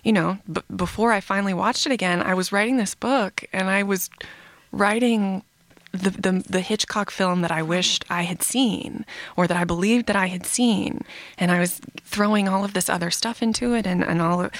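A woman's voice: mid-range voice, moderate pace, no room sound. Reflective woman novelist in interview. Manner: reflective, with fillers and laughs. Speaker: novelist, guest. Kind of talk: casual interview chat.

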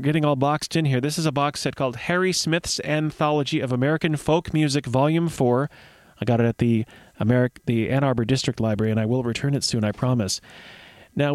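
A man's voice: a little high, no room sound. A man presenting a radio show from a studio, chatty and wry, with joking asides between records. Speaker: radio host. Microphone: studio microphone.

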